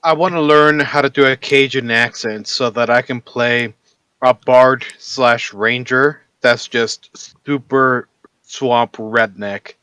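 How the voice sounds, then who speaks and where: Male gamer, smooth clear tone, eager, dry close sound. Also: mid-range voice, fairly even intonation, slow pace, bright, forceful tone, no echo. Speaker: player. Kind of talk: casual chat at a tabletop game.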